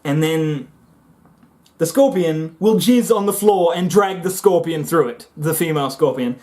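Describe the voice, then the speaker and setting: A man vlogging a comic monologue to the camera, excitable and often jumping into high voices as he acts things out. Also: measured pace. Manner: excitable, jumps into high squeaky voices when acting things out.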